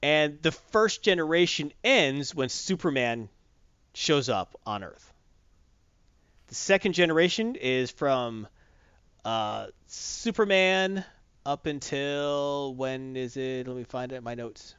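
A man's voice: medium pitch, animated, slow, a bit bright, clean tone, dry recording, dull audio. A man chatting casually as a podcast host, rambling and correcting himself as he goes. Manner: rambling, self-correcting, enthusiastic. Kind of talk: casual chat.

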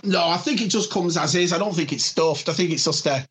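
A man's voice: sits high, a little fast, a bit bright, breathy edge. A man with a Yorkshire accent from Northern England, chatting casually as a podcast guest. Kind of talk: casual chat.

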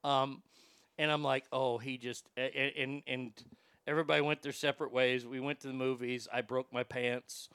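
A man casually telling a story on a chat show, animated and profane, jumping from loud bursts to hushed asides. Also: mid-range voice, moderate pace, clean tone, dry recording.

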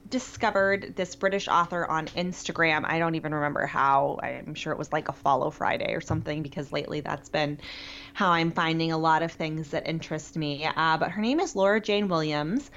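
Chatty podcast co-host, woman, lower voice, lo-fi recording. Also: brisk, a bit bright. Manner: chatty, enthusiastic, many fillers. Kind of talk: casual chat. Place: New York. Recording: dull lo-fi sound.

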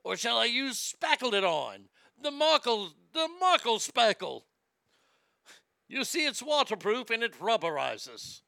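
A man putting on a hammy fake British accent, playing a prince as an infomercial pitchman, and the accent keeps slipping toward Australian. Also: big pitch swings, unhurried, gravelly, pushed and bright, no room sound, studio quality, exaggerated voice.

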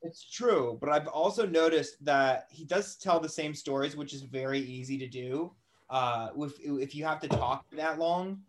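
A man's voice: a little high, measured pace. A young man in casual podcast chat, playful, riffing with silly voices and sound effects. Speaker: podcast co-host.

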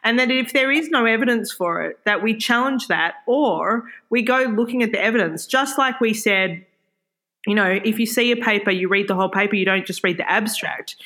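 A woman in her forties from Australia, co-hosting a podcast in casual chat, talking in an animated, frank way with mild swearing. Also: mid-range voice, normal speed. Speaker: podcast co-host.

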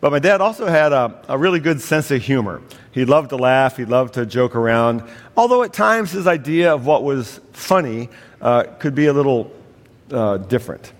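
Pastor preaching in a reverberant church hall. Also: male voice, mid-range voice, expressive, moderate pace. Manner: storytelling with humor, acting out voices in a family anecdote. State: slight cough. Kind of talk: sermon.

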